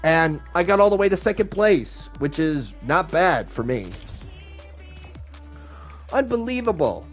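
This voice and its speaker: A man's voice: on the high side, sing-song, measured pace, pauses often, faint music behind. Chatty man with a stuffy voice. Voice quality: slightly stuffy sound. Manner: chatty, self-deprecating, frustrated outbursts. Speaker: gaming YouTuber. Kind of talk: casual let's-play commentary. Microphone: streaming from a game console.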